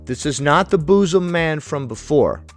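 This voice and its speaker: A man's voice: on the high side, lively intonation, moderate pace, soft background music. A man hosting a comedic reaction video, mocking and irreverent, who swears freely and laughs often.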